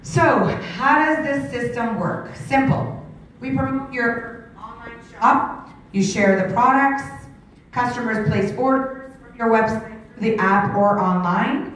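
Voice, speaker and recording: A sixty-something saleswoman from Canada works a big room full of people, holding a handheld mic and rapidly quizzing the audience in an energetic business pitch. Shouting has strained her voice. The hall echoes heavily and she is recorded from a distance.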